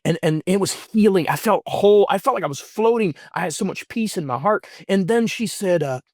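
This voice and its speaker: A middle-aged man, a guest on an interview show, tells a personal story in an earnest, heartfelt way, often halting and restarting his sentences. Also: sits high, animated, darkish tone, dry recording, studio quality.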